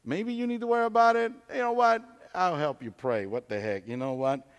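A man's voice: sits high, steady tone, fairly quick, clean tone, pitched above the performer's own voice. A man voicing a careless farm pig who laughs off danger with mocking bravado, inside a sermon story. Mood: scoffing. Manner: scoffing, mocking reassurance. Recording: long hall reverb.

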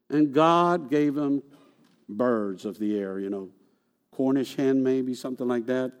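A man preaching a sermon in a high voice. He moves between loud, rising emphasis and quiet asides. He keeps asking rhetorical questions and repeating words for weight. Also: animated, a little slow, clean tone. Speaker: pastor.

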